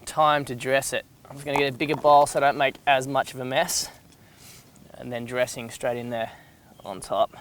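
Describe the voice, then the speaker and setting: A man's voice: mid-range voice, steady tone, normal speed, fairly bright tone, a little hiss or hum. A young man hosting a casual cooking demonstration in an upbeat, enthusiastic, chatty way. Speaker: cooking show host. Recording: music playing underneath.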